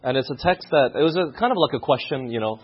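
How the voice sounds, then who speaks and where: A male preacher delivers a sermon and keeps drawing the congregation in with questions. His voice is slightly husky and rises and falls a lot. The recording is muffled and lo-fi. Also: mid-range voice, animated, quick pace.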